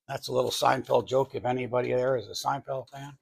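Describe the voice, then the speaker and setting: Here the baking host speaks in a mid-range, creaky, slightly rough voice, a little fast and with few pauses. A middle-aged New Englander with a local accent, he shows off a cake recipe at home in a rambling, self-correcting way peppered with chatty asides.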